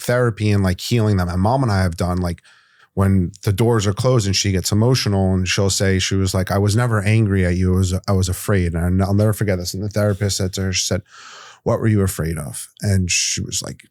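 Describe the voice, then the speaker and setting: A man's voice: on the low side, a little mellow, no room sound, clean studio sound. A young man hosting a podcast, talking candidly and loosely, with plenty of fillers and swearing. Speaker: podcast host. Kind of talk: casual podcast conversation.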